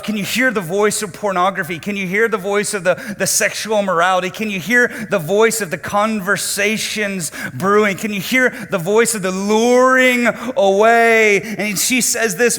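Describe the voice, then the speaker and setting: A male lead pastor preaching a sermon to his congregation, dramatic, swinging between loud emphasis and hushed lows and putting direct questions to the room. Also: fairly even intonation, moderate pace, few pauses, big-room sound. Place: church auditorium.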